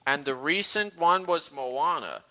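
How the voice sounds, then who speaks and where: A man's voice: fairly high pitch, a little slow, over a noisy crowd, low-quality recording. A young man hosting a casual voice-chat stream, rambling and often restarting his sentences. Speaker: stream host.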